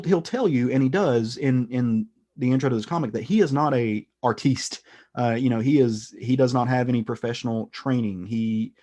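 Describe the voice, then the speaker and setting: A man's voice: mid-range voice, a little mellow. Rambling man reviewing comics. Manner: rambling, many fillers and restarts, retelling stories. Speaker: podcast host. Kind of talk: casual comic book review.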